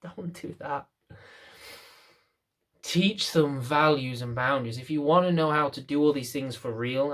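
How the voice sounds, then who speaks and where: A young British man who trains dogs rants to the camera, firing off one rhetorical question after another. His British-accented voice is medium in pitch with a fairly bright tone.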